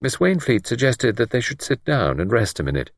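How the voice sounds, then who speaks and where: A man narrating an audiobook story in a measured, expressive way. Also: medium pitch, dry recording, clean studio sound.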